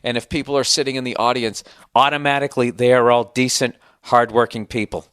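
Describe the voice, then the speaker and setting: A man's voice: medium pitch, level tone, a little fast, a bit bright, clear, resonant tone, no room sound. Sarcastic ranting American man, dry sound. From United States. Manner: sarcastic, profane, exasperated ranting. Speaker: podcast host. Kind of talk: comedic podcast rant.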